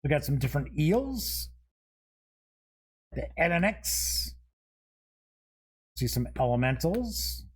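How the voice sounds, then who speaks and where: Slow-talking man with a higher voice. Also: very animated, breathy edge. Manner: reads card names aloud one by one with short asides; chuckles at himself. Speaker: show host. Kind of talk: casual unboxing commentary.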